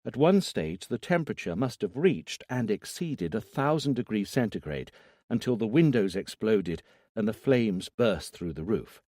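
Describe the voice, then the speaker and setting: A man's voice: fairly low pitch, sing-song, normal speed, warm tone, no echo, studio quality. A man voicing a female forensic doctor who reports in a neutral, professional tone. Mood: clinical. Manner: neutral, clinical.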